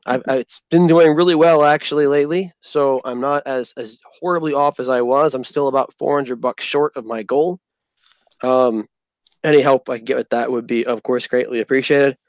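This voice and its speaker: A man's voice: mid-range voice, dry recording. A man co-hosting a casual podcast chat, joking and self-deprecating. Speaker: podcast co-host.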